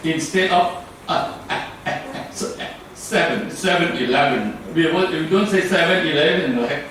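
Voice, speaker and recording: Heard from afar in a very echoey space with slight background noise, a man from Thailand delivers a meandering club talk full of fillers and restarts. His Thai-accented voice is fairly high and fairly bright, and he speaks unhurriedly.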